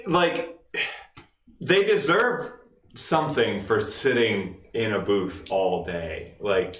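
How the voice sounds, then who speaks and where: Young male improv player, high lively voice, slow and casual, distant in an echoey room. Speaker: improv performer. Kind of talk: live-streamed improv banter. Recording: echoey room, mic far off.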